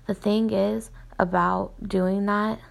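A woman's voice: medium pitch, flat delivery, slow pace, gravelly. A woman reading as a cold hooded killer. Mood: menacing. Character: menacing hooded male killer, cold and calm.

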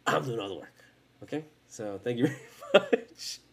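A man's voice: mid-range voice, very animated, normal speed, creaky. A tired man hosting a fan podcast, ranting in a profane, rambling and heated way late at night. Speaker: sports fan podcast host. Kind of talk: casual rant.

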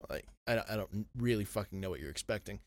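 A man's voice: fairly low pitch, expressive, fast, no room sound. A man co-hosting a podcast in a laid-back casual chat, swearing freely and laughing often. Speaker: podcast co-host.

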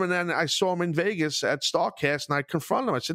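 A man's voice: a little high, fairly quick, hardly any pauses, a bit bright, dry recording, clean studio sound. Blunt, profane middle-aged man host. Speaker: podcast host. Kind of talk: casual podcast chat.

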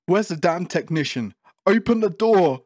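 A man's voice: fairly high pitch, animated, normal speed, no echo. A man voicing a frightened, foul-mouthed male prisoner test subject who curses and pleads. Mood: angry.

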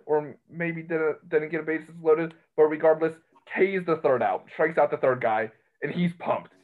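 A man with a slightly high voice talks through a tinny, phone-like line. He rambles excitably about the game and often breaks off mid-thought. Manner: rambling, excitable, self-interrupting. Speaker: college baseball podcast host. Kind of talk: casual sports chat.

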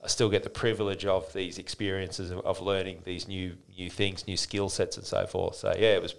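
In his forties, a deep-voiced man with vocal fry appears as a podcast guest and fitness business owner. At a normal speed, he tells casual interview stories in a rambling, animated way, restarting sentences often.

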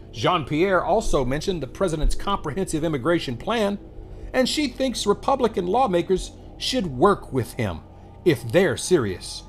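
A man hosting a political commentary monologue, scornful and emphatic, repeating words for effect. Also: on the high side.

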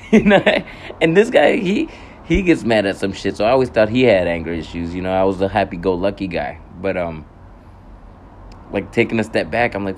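A man's voice: lowish voice, animated, brisk, a little mellow, slight background noise. A young man telling a casual, rambling story to his viewers, swearing often, correcting himself and laughing at his own anger.

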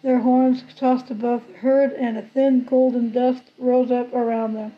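A woman reading a children's novel aloud in a steady, plain way, now and then restarting a word, on a slightly muffled recording. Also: fairly high pitch, unhurried. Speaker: narrator.

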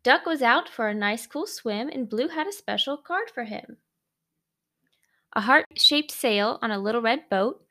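A woman reading a rhyming picture book aloud in a sing-song, expressive way. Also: sits high, measured pace. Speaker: storybook reader.

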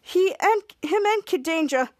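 A woman speaks in a very high, lively voice at a measured pace, pitched above her natural range as she plays a mocking grown male villain who is a doctor. The studio recording is clean with no room sound.

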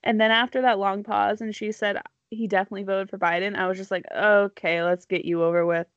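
A woman's voice: medium pitch, little pitch movement, fairly quick, no room sound, muffled recording. A woman telling a story in casual chat, rambling with many likes and ums, laughing often.

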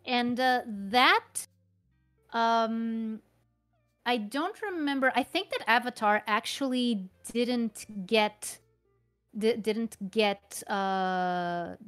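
A woman's voice: on the high side, expressive, slow pace, fairly bright tone, clean tone, faint music behind. A woman talking casually as a guest about dubbing work, often stopping to restart and repeat her phrases. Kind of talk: casual conversation.

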